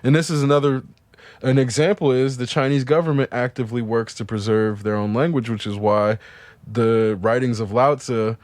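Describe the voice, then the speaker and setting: A man's voice: mid-range voice, fairly even intonation, normal speed, a little mellow, dry recording. A man co-hosting a casual podcast chat, opinionated and argumentative, swearing casually as he picks apart details. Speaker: podcast co-host.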